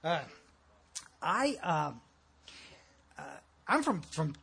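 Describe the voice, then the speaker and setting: A man's voice: on the high side, sing-song, very slow, sharp tone, a little hiss or hum. A man with a thick Texas accent giving a blunt, folksy, joking talk at a recovery meeting.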